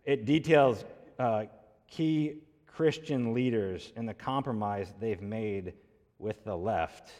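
A man's voice: on the low side, darkish tone. A man preaching a sermon as pastor, emphatic and pressing hard on key words. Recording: long hall reverb.

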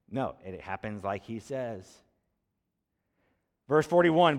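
Conversational preacher, long hall reverb. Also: male voice, mid-range voice, moderate pace, pauses often. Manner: conversational, asks rhetorical questions, then answers them. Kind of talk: expository sermon with scripture reading.

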